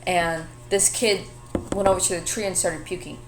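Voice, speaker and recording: A young woman co-hosting a podcast in casual chat, teasing her friend and telling animated stories. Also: fairly low pitch, normal speed, over music, low-quality recording. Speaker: podcast co-host.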